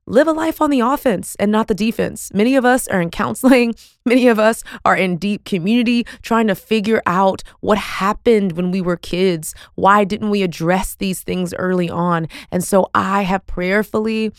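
A woman's voice: medium pitch, normal speed, no room sound, studio quality. A woman, hosting a podcast and talking in an earnest, folksy, emphatic way. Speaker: podcast host. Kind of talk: casual podcast talk.

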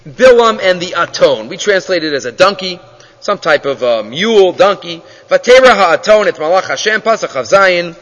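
Male rabbi lecturing, high voice with lively swings, asks many questions. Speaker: rabbi teaching a class. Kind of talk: Torah class lecture. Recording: dull lo-fi audio in a reverberant hall.

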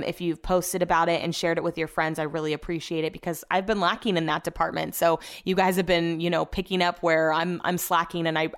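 Chatty woman with a low voice. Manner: chatty and candid, with casual swearing. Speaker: podcast host. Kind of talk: casual solo podcast chat.

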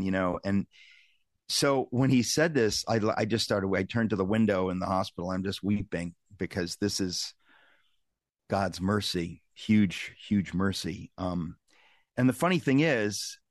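A man hosting a talk show, telling a personal story in an earnest, emphatic way with many halting restarts. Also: fairly low pitch, no echo, studio quality. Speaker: host.

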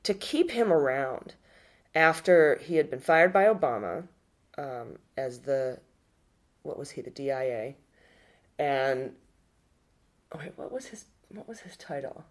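Low-voiced woman chatting politics. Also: a little slow, long pauses. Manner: animated, restarts and swears freely. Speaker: podcast co-host. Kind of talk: casual political chat.

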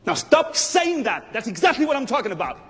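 An actor playing a harsh, demanding male ballet director with a French accent, berating and shouting in a film clip with long reverb. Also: very high voice, sing-song, fairly quick, full character voice.

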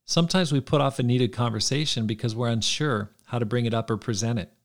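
A man hosting a podcast, reading aloud from his own book in an earnest, measured way. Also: mid-range voice, steady tone. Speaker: podcast host.

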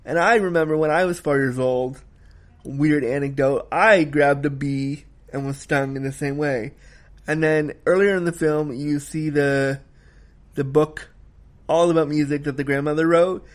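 Dude going off on a movie review, kinda higher voice, heated, cusses a bunch. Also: male voice, steady tone, measured pace. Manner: heated, emphatic, swears freely. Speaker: film reviewer. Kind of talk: casual spoken film review.

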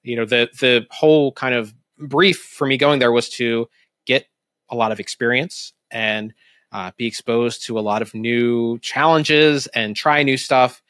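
A man in casual conversation as a podcast guest, rambling and restarting his sentences with plenty of fillers. His voice sits in a middling pitch. The recording is close and dry, with no room sound. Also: steady tone, unhurried, a bit bright, no echo. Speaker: podcast guest, former CEO. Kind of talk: casual interview talk.

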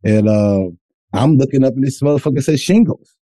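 A man co-hosting a podcast, telling stories in a profane, animated, casual way. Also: medium pitch, moderate pace, no echo. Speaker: podcast co-host. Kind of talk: casual chat.

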